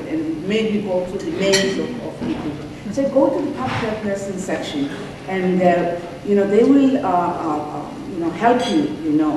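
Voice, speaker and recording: Older woman, halting speech. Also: on the low side, background noise. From South Africa. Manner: halting, many fillers and repeats. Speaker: award honoree giving a speech. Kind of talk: acceptance speech. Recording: echoey hall, mic heard from far off.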